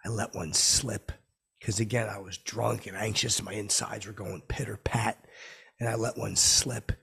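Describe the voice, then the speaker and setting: A man's voice: on the low side, steady tone, normal speed, vocal fry, pushed and bright, breathy edge. A man rambling through a comic story, stammering and repeating himself in a brash way. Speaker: comedy podcast host telling a story.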